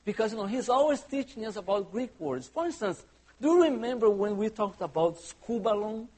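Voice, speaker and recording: High-voiced male pastor preaching. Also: animated, fairly quick, a little mellow, slightly rough. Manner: conversational, quizzes the congregation with questions; humorous asides. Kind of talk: sermon.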